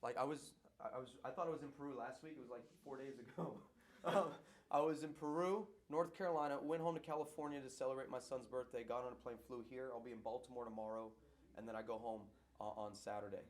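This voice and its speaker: A middle-aged man, a pastor, answering audience questions in a lively, playful way that keeps circling back on its points. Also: medium pitch, fast. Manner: animated preacher, playful, repeats himself.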